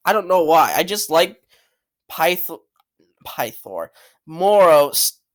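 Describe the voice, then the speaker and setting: A man giving casual, opinionated commentary as a channel host, blunt and rambling, swearing freely and repeating himself. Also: on the high side. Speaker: channel host ranking cartoon characters.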